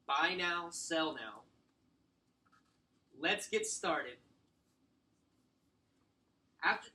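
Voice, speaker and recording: A man giving a sales training talk to a small room, acting out client scripts and slowly stressing short commands. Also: fairly high pitch, expressive, bright, forceful tone, rough recording. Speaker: real estate sales trainer.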